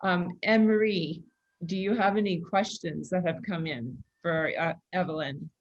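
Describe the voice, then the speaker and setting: A woman's voice: lowish voice, unhurried. A woman moderating a panel, talking in a reflective, hesitant way over a video call. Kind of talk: casual panel talk. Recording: muffled video call audio.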